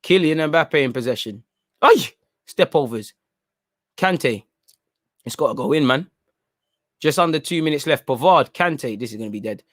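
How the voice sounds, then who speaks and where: A young man hosting a live football watchalong, talking in an animated, slangy, opinionated way. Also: a little high, moderate pace, long pauses, no echo, studio quality. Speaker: football channel host. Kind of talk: live match watchalong commentary.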